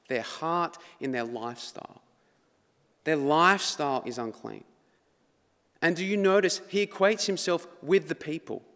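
Preacher in a reverberant church. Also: male voice, on the high side. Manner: conversational, rising to dramatic emphasis. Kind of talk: sermon. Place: church hall. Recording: long reverb of a church hall.

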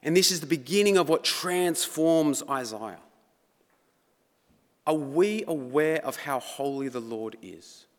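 A man delivers a sermon in a church hall, his voice sitting a bit high for a man. He talks in a conversational way, then pushes into dramatic emphasis. The hall adds a long, lingering reverb. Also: expressive, measured pace. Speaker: preacher.

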